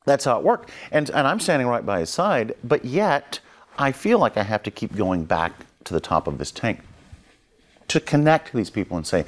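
Speaking at a moderate pace in a medium-pitched voice, this man works in creature effects and is recounting a film shoot for a documentary. He gets animated, playing out other people's lines and chuckling at his own expense.

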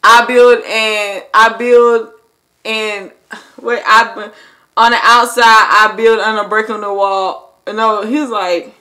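Young woman, casual vlog chat, high-ish voice, very bright and forceful tone, talks straight to viewers, bursts into excited shouts. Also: slow pace. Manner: animated, swings into loud excited shouts and laughs. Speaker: YouTuber.

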